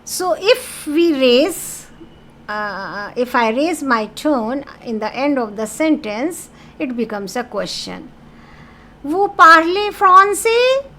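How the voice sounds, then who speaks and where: Slow, patient woman teaching French. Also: on the high side, expressive. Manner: patient, repeats key words, mixes French phrases into English teaching. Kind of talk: slow explanatory lesson.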